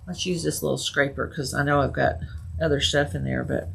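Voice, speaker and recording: A woman's voice: extremely low pitch, fairly even intonation, fairly quick, gravelly, fairly bright tone, slight background noise. A woman hosting a casual crafting video, chatting and giggling with her viewers as she works. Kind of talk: casual live crafting chat.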